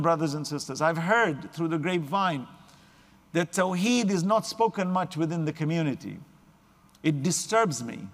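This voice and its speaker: A man's voice: high-pitched, fairly bright tone, in a large hall. A man preaching an earnest religious sermon to a gathering, emphatic, with recited Arabic scripture.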